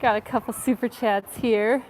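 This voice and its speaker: A woman's voice: a little high, fairly even intonation, moderate pace, a little mellow, poor audio. Chatty woman live-streaming a winter walk outdoors. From Ukraine. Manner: chatty and upbeat, reads viewer messages aloud. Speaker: travel vlogger. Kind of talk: live-stream walking tour with viewer chat. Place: outdoors in a winter city, on a footbridge. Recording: outdoor phone stream with clear street noise. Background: street ambience, passers-by, accordion player.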